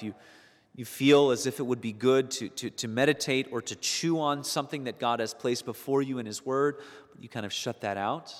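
Male pastor, mid-pitched, sermon delivery, earnest with emphatic peaks, long church reverb. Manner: earnest, building to emphatic peaks on key points; repeats words while searching for phrasing. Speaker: preacher.

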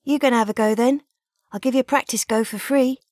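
A woman's voice: high-pitched, lively intonation, moderate pace, dry recording, studio quality, voice pushed up. A woman doing a cheeky young stall girl. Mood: cheeky, teasing.

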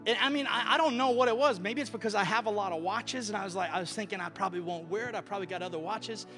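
A male pastor preaching a sermon, telling stories with animated voices that rise to near-shouting at the peaks. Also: sits high, racing, big-room sound, over music.

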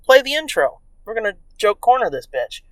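A man's voice: sits high, a little fast, noisy background. A man co-hosting a casual podcast, telling profane stories and acting out the people in them. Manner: profane, animated, acts out quoted voices. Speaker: podcast co-host. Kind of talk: casual crude storytelling.

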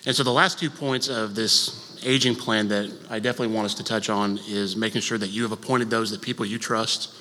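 A soft-spoken man in his thirties teaches an estate planning class in a church auditorium, talking casually through a microphone with fillers and the odd joke. His voice sits a little low but has a forceful, bright edge. A long reverb from the large hall trails behind every phrase. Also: fairly even intonation, a little fast, hardly any pauses, a little hiss or hum. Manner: conversational, with fillers and light jokes; speaks softly. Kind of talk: informal lecture to a congregation.

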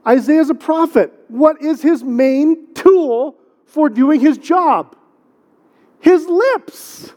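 A man's voice: very high voice, extremely slow, dark tone. A middle-aged man, a pastor, delivering a conversational sermon with rhetorical questions and repeated words for emphasis. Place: church sanctuary. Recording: long hall reverb.

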